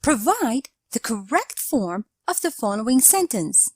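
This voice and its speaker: A woman narrating a scripted grammar lesson, explaining slowly and deliberately and reading out example sentences. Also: fairly high pitch, very animated, slightly rough, dry recording. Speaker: English teacher.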